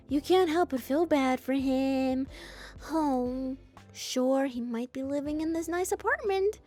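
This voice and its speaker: A woman with a high, light voice reads a story game aloud as a streamer. She keeps slipping into playful, joking asides. Soft game music sits faintly underneath her. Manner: playful, jokey, animated asides. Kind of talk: reading a game aloud with commentary.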